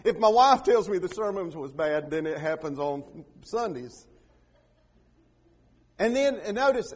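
A man, a pastor preaching a sermon in a folksy way, acting out quotes loudly. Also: high voice, slightly rough. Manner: folksy preaching with sudden loud acted quotes.

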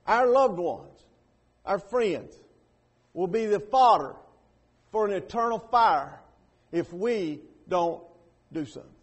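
A man preaching a sermon. He repeats words, asks the congregation questions and swings between hushed lines and loud raised bursts. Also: high-pitched, expressive, slow, pauses often, slightly rough.

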